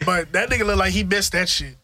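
A man in casual chat, reacting to a clip as co-host, animated and profane. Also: high voice, dry recording. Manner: animated, profane, acts out quick impressions.

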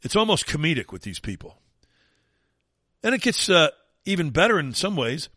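A male talk radio host on a sarcastic tear, his voice bright and cutting as it swings up and down with scorn. The sound is dry and close, with no room around it. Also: fairly high pitch, sing-song, moderate pace, no echo. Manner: sarcastic, ranting, mocking. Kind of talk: opinionated talk radio monologue.

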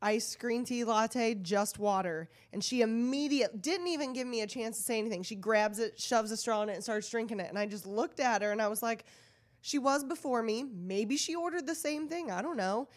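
A woman's voice: on the high side, a little fast, hardly any pauses. A young woman in casual chat, telling a story bluntly and with a lot of swearing.

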